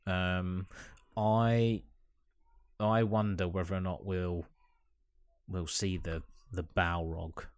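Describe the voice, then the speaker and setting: A very deep-voiced man speaks slowly as a podcast co-host, halting and repeating himself. His voice is recorded close and dry, with no room sound. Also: little pitch movement, clear, resonant tone, dry recording. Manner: hesitant, halting, repeats words. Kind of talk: casual review chat.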